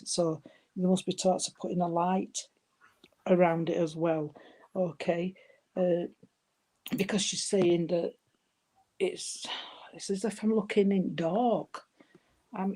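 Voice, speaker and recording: A woman's voice: lowish voice, mellow. A woman giving a live mediumship reading, hesitant and affectionate, calling her listeners darling. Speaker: spiritual medium.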